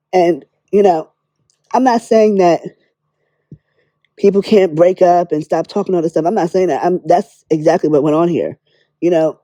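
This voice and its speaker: A woman's voice: on the low side, mellow, no room sound. A woman giving her candid, blunt opinions in a casual commentary vlog, swearing freely. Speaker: beauty drama commentator.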